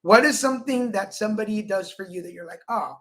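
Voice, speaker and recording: A man's voice: sits high, fast talker, fairly bright tone. A man co-hosting a casual livestream chat show, telling stories and acting out the people in them. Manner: chatty storyteller, acts out quoted people. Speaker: co-host.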